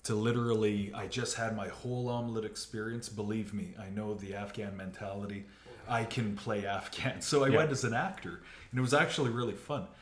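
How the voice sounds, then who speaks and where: Canadian guy hosting a chat, tells stories big and loud, cusses a lot, low voice, roomy echo. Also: brisk. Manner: animated storyteller, swears, laughs. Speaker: podcast host. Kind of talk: casual conversation.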